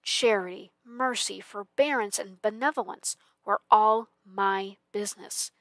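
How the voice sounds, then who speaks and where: A woman's voice: mid-range voice, a little slow, dry recording, close to an everyday voice. A woman voicing the tormented, chained ghost of an old businessman in a storybook reading, mournful and declaiming. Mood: anguished. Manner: mournful, declaiming with swells of loudness.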